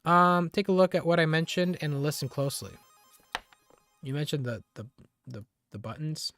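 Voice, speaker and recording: A live streamer in casual chat with viewers, excitable, laughing often and teasing the chat. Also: medium pitch, moderate pace, over music.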